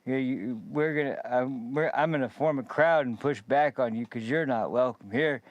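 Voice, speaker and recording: A man's voice: medium pitch, moderate pace, dry recording, muffled recording, lightly acted. Man mocking a sputtering furious old woman politician. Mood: yelling. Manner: yelling, sputtering.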